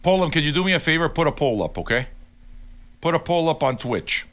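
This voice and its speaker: A man's voice: fairly high pitch, expressive, brisk, fairly bright tone. An older man hosting a livestream, ranting bluntly and swearing often as he talks straight to his viewers. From Neapolitan heritage. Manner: blunt, sweary and argumentative, addressing viewers directly. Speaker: livestream host. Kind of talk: profane casual rant on a livestream.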